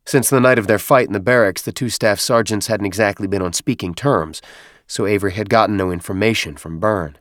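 A man narrating an audiobook in a steady, even storytelling delivery. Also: fairly low pitch, a little fast, no room sound, studio quality. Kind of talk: scripted narration.

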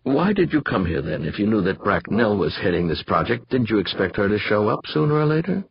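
An earnest, gentle man of faith, as a narrator puts him on, keeps pressing his questions and stumbles on his words. His voice is low and husky. The recording is dry and a bit dull. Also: sing-song, fairly quick, no echo, full character voice. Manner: gentle, insistent, stammering.

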